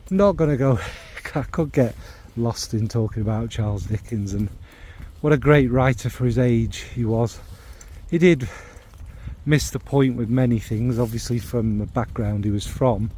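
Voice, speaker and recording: Mellow-voiced man chatting about scents. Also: mid-range voice. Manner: rambling, full of tag questions and fillers. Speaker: fragrance reviewer. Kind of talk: casual chat to camera.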